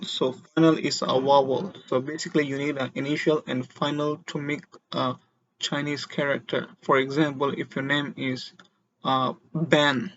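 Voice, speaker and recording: Slow, steady male Mandarin teacher. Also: medium pitch, highs cut off. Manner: slow, deliberate explanations with demonstrated tones; has learners repeat syllables after him. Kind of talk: beginner language lesson.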